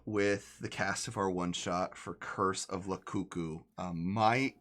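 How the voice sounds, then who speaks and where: Low-voiced man narrating a tabletop game. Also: bright, forceful tone. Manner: rambling, many fillers and restarts. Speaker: game master.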